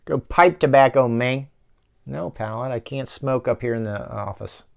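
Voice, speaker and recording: A man's voice: mid-range voice, moderate pace, creaky. A man hosting a casual movie-riffing show from his office, rambling and swearing as he rants. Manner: rambling, profane, ranting. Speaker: show host.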